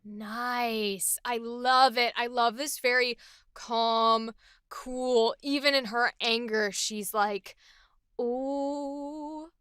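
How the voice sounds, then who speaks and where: A woman's voice: fairly high pitch, fairly even intonation, slow, bright, forceful tone, smooth, dry recording, studio quality. A woman voice actress chatting enthusiastically about a character she is voicing. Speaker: voice actress hosting a character series. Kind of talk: casual chat.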